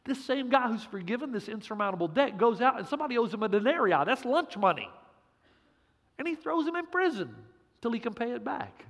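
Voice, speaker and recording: A man's voice: very high-pitched, animated, fast talker, few pauses, fairly bright tone, in a large hall. A man preaching a sermon as pastor, punchy and joking, with emphatic repeats.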